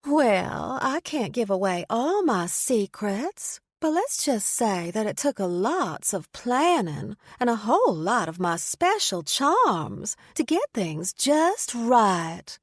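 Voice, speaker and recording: A woman's voice: a little high, sing-song, slow pace, few pauses, husky, no room sound, studio quality, pitched above the performer's own voice, heavily acted. A woman voicing a flamboyant, scheming female event planner with a Southern American accent and a showy, crooning manner. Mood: syrupy showy.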